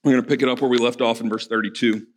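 A man preaching a sermon to a congregation in a church hall, swinging from hushed pleading to loud, fervent urging. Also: medium pitch, fairly even intonation, very fast. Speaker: pastor.

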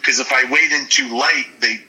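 Bright-voiced blunt man telling stories. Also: mid-range voice, moderate pace, poor audio. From Michigan. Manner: animated, blunt storyteller. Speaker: former football player, guest. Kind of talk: storytelling interview.

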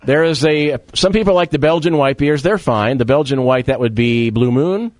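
A man's voice: medium pitch, moderate pace, dry recording. A man hosting a casual radio talk show, joking and quizzing his co-host.

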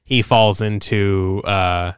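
Low-voiced man rambling in casual chat. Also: steady tone, slow pace, clear, resonant tone, dry recording, studio quality. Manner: rambling, crude jokes, many fillers. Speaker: podcast co-host.

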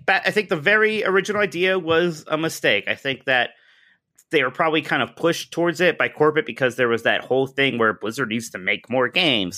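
A man co-hosting a casual podcast who gives animated opinions and laughs while talking. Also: mid-range voice. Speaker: podcast co-host. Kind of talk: casual chat.

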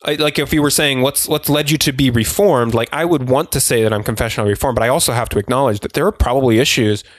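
A man's voice: mid-range voice, fast talker, hardly any pauses, no room sound, studio quality. A man co-hosting a podcast, talking casually and rambling with many restarts and self-deprecating asides. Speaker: podcast co-host.

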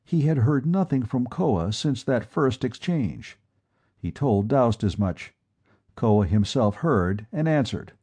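A male narrator reads an adventure story in a steady, measured way. His voice is dark and mellow, with a husky grain. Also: mid-range voice. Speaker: audiobook narrator. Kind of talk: scripted narration.

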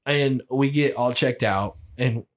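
A man's voice: mid-range voice, slow. A man telling a wild story on a casual podcast, swearing often and laughing as he goes. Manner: profane, laughing, animated retelling. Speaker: storyteller guest.

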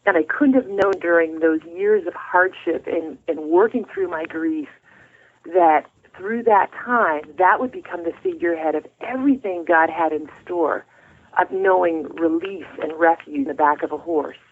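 A woman's voice: on the low side, moderate pace. A middle-aged woman, a guest author, telling her story of faith in an earnest, heartfelt way. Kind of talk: faith testimony in an interview. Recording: tinny phone line.

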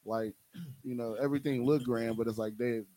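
A man's voice: medium pitch, fairly even intonation, normal speed, mellow, no room sound, poor audio. Laid-back young man, AAVE. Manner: laid-back, frank, filler-heavy. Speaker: podcast co-host. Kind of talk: casual chat.

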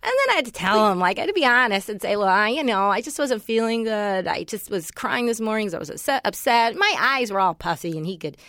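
A woman's voice: medium pitch, expressive, quick pace, few pauses, a bit bright, no echo, clean studio sound. A woman in her thirties co-hosting a podcast, chatting casually and swearing freely as she tells stories. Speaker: podcast co-host. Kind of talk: casual chat.

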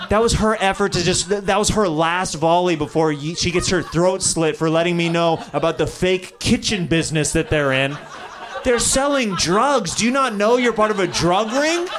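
A man's voice: on the high side, normal speed. A man doing improvised stand-up, riffing and teasing the audience on a comedy club stage. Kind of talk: improvised stand-up crowd work. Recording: live club with laughing crowd.

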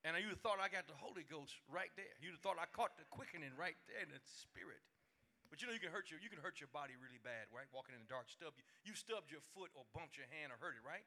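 Speaking fast with a fairly high voice, a pastor delivers his midweek sermon through funny stories. He's folksy and colloquial, animated, laughing as he acts out quoted voices.

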